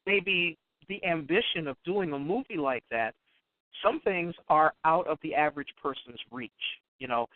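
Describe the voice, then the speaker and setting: A man hosting a radio talk show, speaking haltingly and repeating words as he builds his point. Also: fairly high pitch, dry recording, phone-quality sound. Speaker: radio host. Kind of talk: casual radio conversation.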